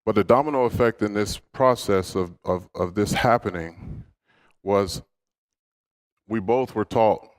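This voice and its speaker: A man with a low, smooth, resonant voice speaks to an audience from a stage. He tells personal stories in a candid, conversational way and works in humor as he goes. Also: unhurried. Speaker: motivational speaker. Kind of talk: inspirational storytelling speech.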